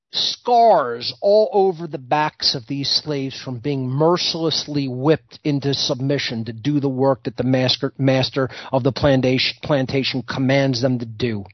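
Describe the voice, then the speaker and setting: A man's voice: mid-range voice, dry recording. A man hosting a talk show, delivering a heated, lecturing monologue. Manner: vehement, lecturing. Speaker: host. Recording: dull lo-fi recording.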